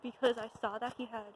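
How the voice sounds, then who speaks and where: A young woman vlogs into a handheld phone as she walks a wooded trail, a little out of breath. Her voice sits slightly high, and she sounds jumpy and nervous, giggling and trailing off between thoughts. A faint outdoor hush runs underneath. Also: a little hiss or hum, low-quality recording. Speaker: vlogger. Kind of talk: casual chat to camera while walking.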